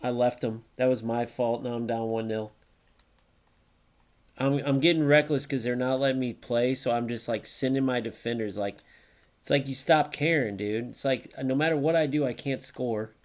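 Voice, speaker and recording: A young man streaming a football video game, reacting loudly to plays, swearing often and answering viewers in chat. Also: medium pitch, normal speed. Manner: chats with live viewers by name. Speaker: gaming streamer. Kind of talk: live gameplay commentary.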